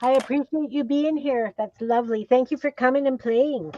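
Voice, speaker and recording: A middle-aged woman hosting an art live stream, chatting in an easygoing way and thinking out loud. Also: high voice, normal speed. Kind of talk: casual chat. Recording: dull, dry online stream audio.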